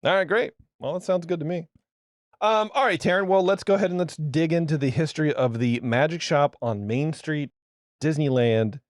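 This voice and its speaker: A man's voice: a little high, normal speed, no room sound, clean studio sound. A man co-hosting a casual podcast, cracking jokes and jumping in with teasing asides. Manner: joking, teasing, interrupts with asides. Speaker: podcast co-host.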